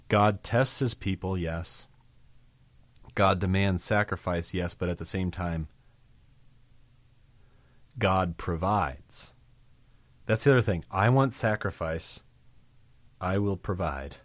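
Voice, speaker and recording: Male Bible teacher, lowish voice, conversational scripture commentary, dry studio sound. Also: no echo.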